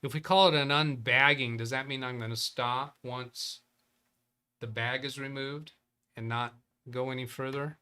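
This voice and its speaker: A man's voice: medium pitch, fairly even intonation, unhurried, bright, forceful tone, smooth. A man hosting a live computer-help stream in casual chat, rambling and thinking aloud as he reads viewer emails. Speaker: host of a live Windows help show.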